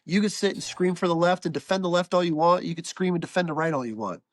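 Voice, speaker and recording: A man with a high-sitting, fast voice rants as a guest on a casual podcast, calling in over video. He swears a lot and sounds stuffed-up and nasal.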